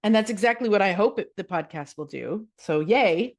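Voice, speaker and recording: A woman's voice: medium pitch, animated, normal speed. A woman with a Canadian accent hosting her own podcast in a chatty, upbeat way, reading listener comments aloud. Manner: chatty, upbeat, laughs easily. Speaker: podcast host and yoga teacher.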